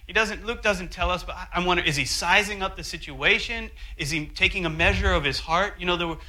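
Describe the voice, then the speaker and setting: Bright, high-voiced man preaching a sermon. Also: fairly quick, a little hiss or hum, rough recording. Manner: animated storytelling, acts out quotes. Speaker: pastor.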